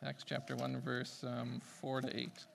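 A man preaching a sermon, swinging between loud emphatic peaks and quiet asides. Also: medium pitch, completely flat delivery, a little slow, vocal fry, a little hiss or hum.

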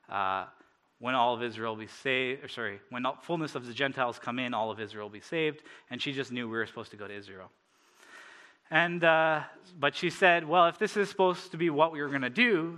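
A man's voice: mid-range voice, bright, forceful tone. A man from Canada preaching a sermon, telling personal stories in a casual way with many fillers and frequent laughter.

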